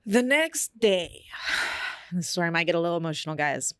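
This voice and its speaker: A woman's voice: lowish voice, expressive, moderate pace, fairly bright tone, clear, resonant tone, no room sound. Woman telling her story in a dry room. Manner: candid, reflective, with many fillers. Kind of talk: personal storytelling.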